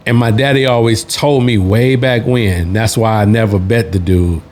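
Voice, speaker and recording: A man's voice: on the low side, steady tone, normal speed, darkish tone. A man hosting a show, telling a story in a casual, rambling way, full of restarts and slang. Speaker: podcast host, Navy veteran.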